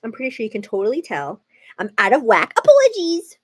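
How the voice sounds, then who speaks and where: A woman's voice: mid-range voice, expressive, fast talker, fairly bright tone, slightly rough. A woman hosting a live makeup stream, chatting casually and confidingly to her viewers, calling them "girl" as she works. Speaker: livestream beauty host. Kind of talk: casual makeup tutorial chat.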